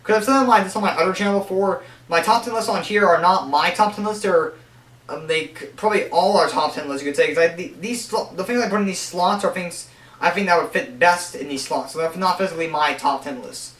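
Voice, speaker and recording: A young man with a high-pitched voice gives a loose, rambling countdown, stumbling and restarting his sentences. He sounds off-mic in an echoey room. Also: fairly quick, a bit bright, far from the mic. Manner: rambling, many restarts and fillers. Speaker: show reviewer. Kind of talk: casual countdown commentary.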